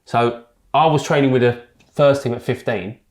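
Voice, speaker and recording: A young man telling his story as a podcast guest, rapid, sweary and animated. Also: medium pitch. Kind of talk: casual storytelling. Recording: roomy echo.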